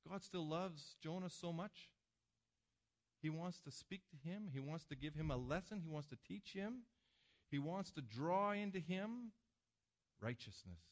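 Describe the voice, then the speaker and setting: A man preaching a sermon to a congregation, with emphatic swings between loud passages and hushed ones. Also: on the high side, animated, measured pace. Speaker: pastor. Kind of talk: sermon with slides.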